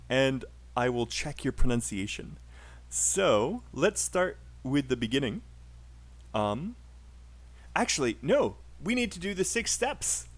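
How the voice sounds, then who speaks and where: A man with a British accent teaching a live online English pronunciation class, upbeat and encouraging with frequent fillers. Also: a little high.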